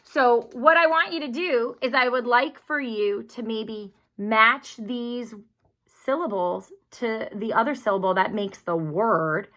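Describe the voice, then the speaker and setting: A woman teacher walks young children through a recorded spelling lesson. Her voice is bright and clear, pitched a little high. She speaks slowly and carefully and keeps encouraging them.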